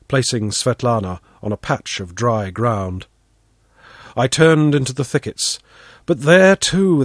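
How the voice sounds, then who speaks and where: A man narrating a first-person story in an expressive storytelling manner. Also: mid-range voice, slightly rough, no room sound, clean studio sound. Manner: expressive storytelling, voices the characters.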